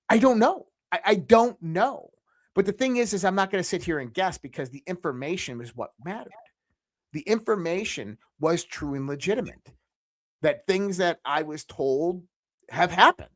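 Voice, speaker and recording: A man with a somewhat higher voice tells a story in a casual conversation. He is animated, throws in voiced bits of dialogue and swears freely. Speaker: guest.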